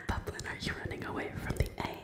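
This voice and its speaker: Whispering woman streamer, echoey room. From Tasmania, Australia. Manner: chatty, joking asides to chat. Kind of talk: whispered ASMR chat. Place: home den.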